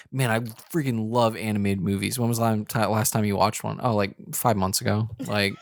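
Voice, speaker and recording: A man's voice: on the low side, steady tone, moderate pace, gravelly, no room sound. A man co-hosting a podcast, teasing his co-host with dry sarcasm in casual chat.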